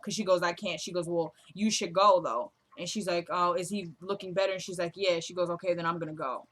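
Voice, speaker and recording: A woman casually recapping a TV drama episode, retelling scenes as quoted dialogue with a chatty, animated delivery. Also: on the low side, brisk. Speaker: show recap vlogger.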